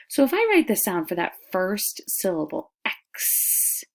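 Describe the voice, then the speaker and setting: A woman teaching a lesson to young children, stretching words out slowly and sounding them out in an encouraging classroom voice. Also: on the low side, expressive, gravelly. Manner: slow, drawn-out syllables, modeling sounds out loud.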